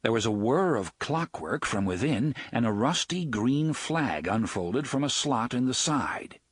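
A man narrating a novel as an audiobook in an expressive storytelling read. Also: mid-range voice, measured pace, slightly rough, no echo. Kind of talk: scripted narration.

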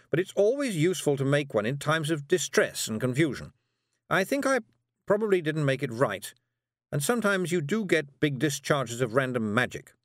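A man voicing a brisk, nervous adult female witch with a prim, clipped manner in an audiobook. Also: a little high, fairly bright tone, no room sound, studio quality, pitched above the performer's own voice. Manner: prim, clipped, insisting she is never worried. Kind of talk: audiobook character voice.

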